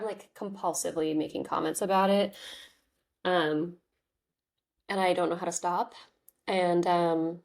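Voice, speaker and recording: Chatty woman in her thirties, low-pitched. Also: vocal fry, a little mellow. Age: 30s. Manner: chatty and candid, with many "like"s and "um"s. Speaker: podcast host. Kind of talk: casual personal storytelling.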